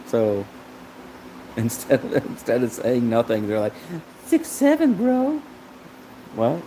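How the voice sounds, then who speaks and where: A man's voice: mid-range voice, dark tone, slight background noise, poor audio. A man hosting a casual livestream from a car shop, chatting with viewers and laughing constantly between lines. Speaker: livestream host. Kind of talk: casual live chat with viewers.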